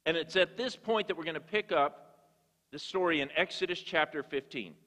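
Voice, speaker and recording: A man's voice: fairly high pitch, normal speed, pushed and bright. Man preaching in a reverberant church. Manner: storytelling, repeats words when restarting. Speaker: guest preacher. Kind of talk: sermon. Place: church sanctuary. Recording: long church hall reverb.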